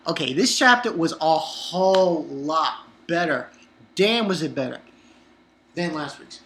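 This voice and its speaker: A man reviewing a manga chapter in an excitable, profane, rambling way. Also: fairly high pitch, normal speed. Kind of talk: casual online review.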